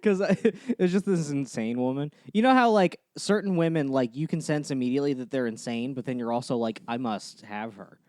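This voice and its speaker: Dry-toned young man telling deadpan stories. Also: medium pitch, brisk, hardly any pauses, no echo. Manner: laughs often, deadpan storytelling. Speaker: podcast host. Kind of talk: casual chat.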